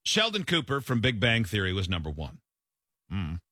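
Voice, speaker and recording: A sarcastic man chatting on a casual show, his husky voice bright and lively as it rises and falls. He sounds close and dry, with no room around him. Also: fairly low pitch, normal speed, no echo. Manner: dry, sarcastic quiz-master. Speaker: podcast co-host. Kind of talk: casual chat.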